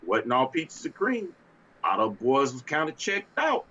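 Male sports talk co-host, exasperated rant, mid-low voice, dull lo-fi sound. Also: wildly swooping pitch, normal speed, sharp tone, slight background noise. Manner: fiery, exasperated ranting with laughter. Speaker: podcast co-host.

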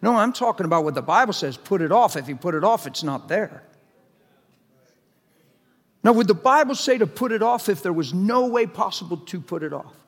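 A middle-aged male preacher delivers a sermon in a loose, conversational way, peppering the congregation with questions. His voice sits high for a man. The sound rings with a long reverb from a large hall. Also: lively intonation, normal speed. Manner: conversational, jokey, presses the crowd with questions.

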